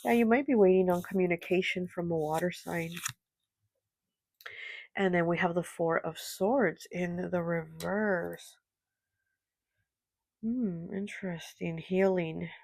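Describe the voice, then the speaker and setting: A woman's voice: on the low side, fairly even intonation, takes it slowly, gravelly, pauses often, darkish tone, no room sound. A woman giving a casual pick-a-card tarot reading, rambling and repeating herself with many "like" and "you know" fillers. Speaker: tarot reader.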